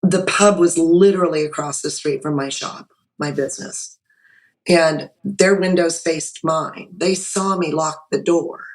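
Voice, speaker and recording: A woman guest on a podcast, chatting over a video call and telling her story in a lively way with frequent restarts. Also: sits low, a little slow, low-quality recording. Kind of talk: personal story told in conversation.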